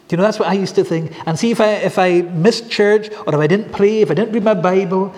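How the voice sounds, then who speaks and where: A man preaching in a church, his voice sitting a bit high for a man. He talks earnestly and repeats himself, stacking one phrase on the next. A long reverb trails behind every line. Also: fast, few pauses, darkish tone. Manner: earnest, repetitive, building phrases. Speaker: pastor. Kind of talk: sermon.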